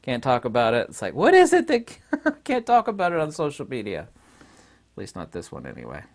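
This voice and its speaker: A man's voice: mid-range voice, huge pitch swings, moderate pace. Rambling sarcastic middle-aged man. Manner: rambling, sarcastic, laughs often. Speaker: channel host, commentator. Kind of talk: casual commentary monologue.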